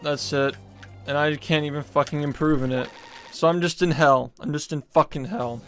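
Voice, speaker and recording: A young man streaming a speedrun, ranting angrily at himself with heavy swearing and sudden shouts. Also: on the high side, steady tone, normal speed, soft background music. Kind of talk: angry self-deprecating gaming rant.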